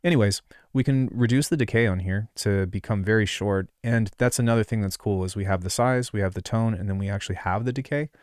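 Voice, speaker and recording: Brisk and fairly low with a darkish tone, this man records a casual music production tutorial from his screen. A close desk mic leaves no echo, and his delivery is offhand and rambling, packed with fillers and side comments.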